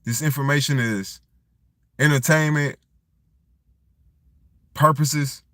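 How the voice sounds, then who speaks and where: A man's voice: on the high side, fairly even intonation, slow pace, a bit bright, dry recording, studio quality. A man talking in a loose, rambling vlog monologue, circling back and restarting his thoughts as he goes. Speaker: vlogger. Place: tent.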